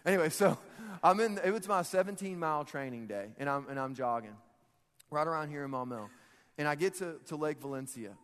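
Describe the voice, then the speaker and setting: A man's voice: on the high side, animated, brisk, fairly bright tone. A male pastor giving a casual, humorous sermon, joking and conversational, often laughing mid-sentence. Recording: long hall reverb in a large church.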